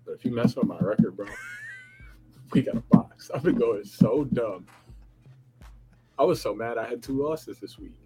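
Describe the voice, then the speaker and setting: A young man co-hosting a casual lacrosse picks show, animated and slangy, laughing often as he banters. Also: mid-range voice, normal speed, pauses often, rough recording. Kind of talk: casual sports chat.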